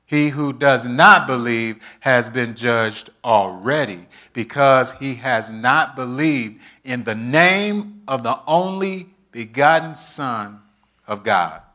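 A male pastor preaches slowly and with care, holding on to key words. His voice is bright and a little high, and his humorous asides fall to a near murmur before he rises again. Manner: animated, humorous preaching with sudden soft asides. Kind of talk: sermon.

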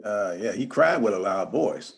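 Halting man with chuckles. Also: lowish voice, expressive, gravelly. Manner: halting, many fillers and chuckles. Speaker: Bible study participant. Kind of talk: conversational Bible study discussion.

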